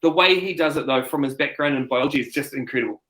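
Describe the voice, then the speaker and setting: A man's voice: mid-range voice, quick pace. A man, a speaker coach chatting as an interview guest, telling stories animatedly with frequent restarts. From New Zealand. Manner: animated storyteller, acts out quotes, many restarts. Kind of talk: casual interview chat. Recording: roomy echo.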